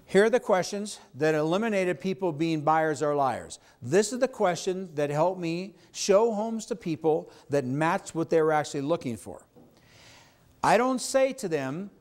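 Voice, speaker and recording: Man, slightly high voice, emphatic seminar trainer, keeps checking in with the room. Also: animated, a little slow, a little mellow. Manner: emphatic, asks the audience questions. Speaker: real estate sales trainer. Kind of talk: live sales training seminar.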